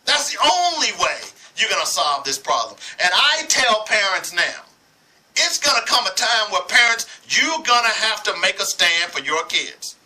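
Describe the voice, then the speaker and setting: A man's voice: high voice, sing-song, moderate pace, pushed and bright, poor audio. A man from Arkansas giving impassioned sports commentary, heated and preachy, hammering points with repetition.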